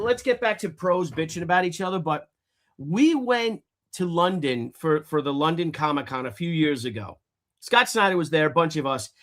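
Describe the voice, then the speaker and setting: A man's voice: fairly high pitch, a bit bright. A man hosting a casual livestream chat, a rambling storyteller who swears and laughs often. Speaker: host.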